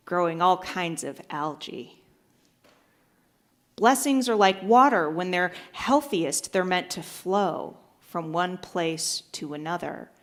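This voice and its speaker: A woman pastor giving a sermon, telling a joke with acted-out voices and then preaching. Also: lowish voice. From United States. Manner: storytelling, acts out voices in a joke.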